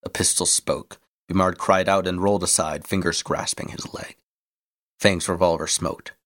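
A man reading an adventure story aloud in steady scripted narration. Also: sits low, moderate pace.

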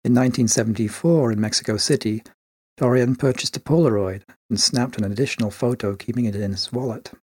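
A man narrates a story in a husky, slightly breathy voice. He sits at a mid pitch and keeps a measured, even pace. The recording is close and dry. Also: no room sound. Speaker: story reader. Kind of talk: scripted narration.

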